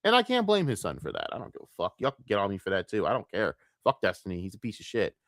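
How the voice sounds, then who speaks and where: A lowish male voice, heated and profane, venting at length on a commentary stream. The sound is close and dry, with no room behind it. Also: wildly swooping pitch, quick pace, a bit bright, no room sound. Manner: profane, heated, exasperated ranting.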